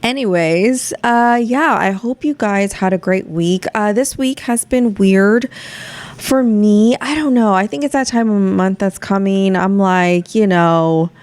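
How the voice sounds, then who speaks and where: A woman's voice: mid-range voice, unhurried, a little mellow, dry recording. A woman hosting her own podcast, talking to listeners in a candid, rambling way and swearing freely. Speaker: podcast host. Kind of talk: casual solo chat.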